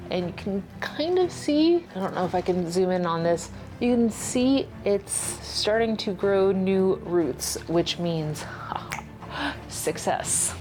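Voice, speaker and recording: A woman's voice: lowish voice, slight background noise. A woman hosting a houseplant vlog at home, explaining plant care in a chatty, playful way with jokey asides. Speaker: houseplant vlogger. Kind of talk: casual informative vlog narration.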